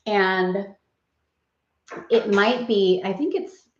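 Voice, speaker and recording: A woman's voice: mid-range voice, extremely slow, a little hiss or hum. A woman hosting a casual live stream, gushing and bubbly, laughing often as she chats with viewers. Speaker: host. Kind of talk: casual livestream chat. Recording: roomy, dull lo-fi sound.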